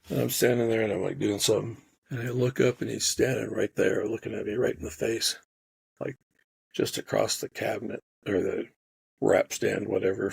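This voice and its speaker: A man telling animated stories in casual podcast chat, swearing freely and acting out what people said. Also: lowish voice, gravelly, breathy edge, dry recording. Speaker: podcast guest storyteller.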